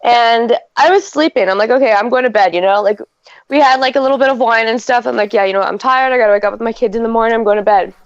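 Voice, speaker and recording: A woman's voice: fairly high pitch, fast, dry recording. Chatty woman telling a story, filler-heavy. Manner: storytelling with many fillers and quoted dialogue. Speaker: podcast co-host. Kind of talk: casual chat. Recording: dry, dull lo-fi podcast audio.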